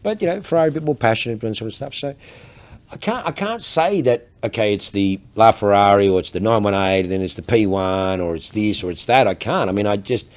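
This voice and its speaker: A man's voice: on the low side, fairly quick. Foul-mouthed Australian man telling stories. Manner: profane, animated storyteller. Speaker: luxury car salesman, podcast guest. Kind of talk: casual podcast storytelling.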